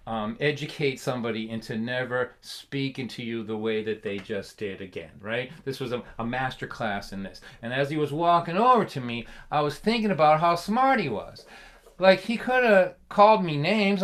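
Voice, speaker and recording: Middle-aged guy telling a funny story, animated, lots of laughing and "right?". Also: on the high side. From Lynn, Massachusetts. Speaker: folk singer and storyteller. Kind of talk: comic storytelling on a livestream.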